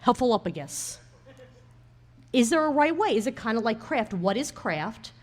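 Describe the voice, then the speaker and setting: A woman co-hosting a relaxed podcast, recorded live at a bar. She is chatty and teasing, with frequent laughter. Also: fairly high pitch, moderate pace. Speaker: podcast co-host. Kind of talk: casual chat.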